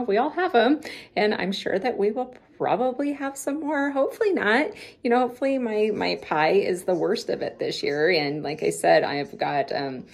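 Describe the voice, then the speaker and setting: A woman's voice: low voice, gravelly. A middle-aged woman vlogger telling casual stories to camera, chatty and laughing often as she acts out what people said.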